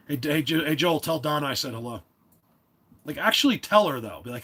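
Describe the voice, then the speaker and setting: A man hosting a live stream, chatting casually and rambling, often clearing his throat and restarting his sentences. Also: on the high side, lively intonation, a little fast, a bit bright.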